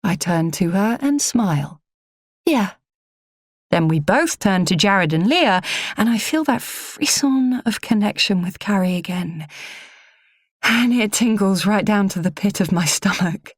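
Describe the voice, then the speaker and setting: Slow, measured woman narrating. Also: medium pitch, animated, dry recording, studio quality. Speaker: audiobook narrator. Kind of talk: first-person audiobook narration.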